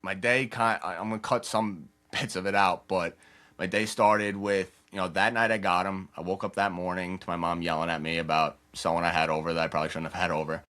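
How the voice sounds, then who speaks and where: A young man in his twenties, a podcast guest telling a candid personal story in a loose, rapid way, acting out what others said. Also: low-pitched, steady tone, pushed and bright. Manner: rapid, loose storytelling full of "like" and acted-out quotes.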